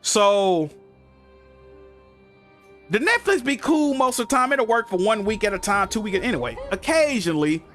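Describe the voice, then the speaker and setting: A man on a gaming stream rants at length, his voice sitting high for a man. His talk is loose, profane and full of slang. Game music runs behind him throughout. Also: moderate pace, pauses often. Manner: animated, profane, slangy storytelling. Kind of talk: casual rant on a gaming stream. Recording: music playing in the background.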